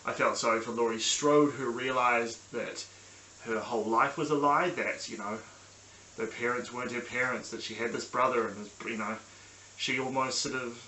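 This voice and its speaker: A young New Zealand man rambles through a casual review, full of ums and restarts. His voice is bright and forward, and it bounces around a small echoey room with a faint hiss behind it. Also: medium pitch, fairly even intonation, moderate pace. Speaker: podcast host. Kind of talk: casual solo review vlog. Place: small sunny room at home.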